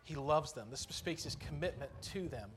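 Earnest male preacher with a higher voice. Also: animated, moderate pace, slight background noise. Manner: earnest, conversational preaching with emphatic rises. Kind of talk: sermon. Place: church.

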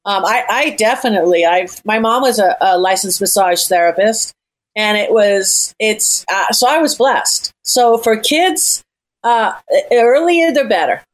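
A woman's voice: mid-range voice, measured pace. A woman hosting a casual group conversation in a chatty, upbeat way.

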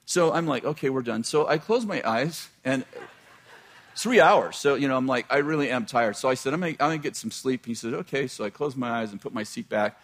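Husky-voiced middle-aged male pastor. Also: medium pitch, expressive, brisk, fairly bright tone. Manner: chatty, laughs at his own jokes, breaks off and restarts. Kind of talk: sermon storytelling.

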